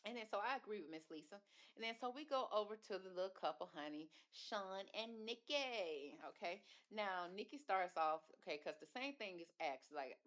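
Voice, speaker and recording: A woman's voice: mid-range voice, animated, normal speed, fairly bright tone. A woman reviewing a reality show in casual, gossipy talk, with sassy asides and calling listeners baby and girl. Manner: sassy asides ending in "okay?". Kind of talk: casual video commentary.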